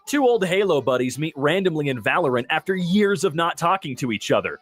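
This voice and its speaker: A man's voice: a little high, big pitch swings, normal speed, a bit bright. A man hosting a casual reaction commentary, reading captions aloud and adding joking asides. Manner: jokey asides after each reading. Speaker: host reacting to wholesome posts.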